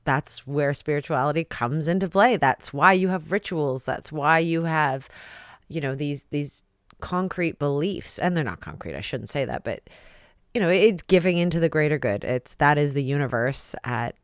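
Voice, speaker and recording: A woman's voice: low-pitched, animated, moderate pace, dry recording, clean studio sound. A woman hosting a podcast, a pro wrestler speaking openly and candidly, swearing casually.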